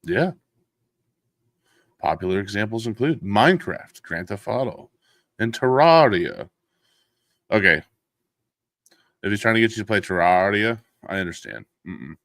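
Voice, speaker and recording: Speaking on the low side at a measured pace, this male podcast host pauses often, and the clean studio recording has no room sound. Casual and joking, he laughs frequently and swears freely, mixing loud bursts and laughter into relaxed talk.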